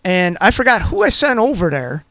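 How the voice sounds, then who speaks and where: A man's voice: high-pitched, big pitch swings, moderate pace, fairly bright tone, no echo. A man co-hosting a radio talk show, telling stories in a loose, rambling way with plenty of fillers. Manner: rambling storyteller, many fillers. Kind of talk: casual chat.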